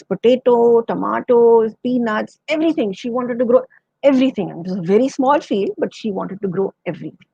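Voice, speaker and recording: A woman tells a children's story gently, her voice husky with a gravelly fry. The sound is dry and close, slightly dull like a radio broadcast. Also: mid-range voice, no echo. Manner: gentle, retelling with quoted voices. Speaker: storyteller guest.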